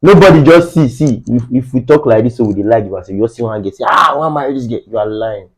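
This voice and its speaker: A man's voice: mid-range voice, fast, a little mellow, low-quality recording. A man with a Nigerian accent talking emphatically in a casual podcast chat, often slipping into Pidgin.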